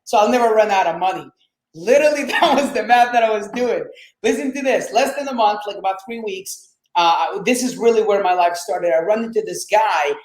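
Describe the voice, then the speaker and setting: Animated storyteller, native Arabic speaker. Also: male voice, sits high, a little fast, roomy sound, low-quality recording. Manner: animated, swears, acts out quotes. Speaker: podcast guest. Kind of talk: casual interview storytelling.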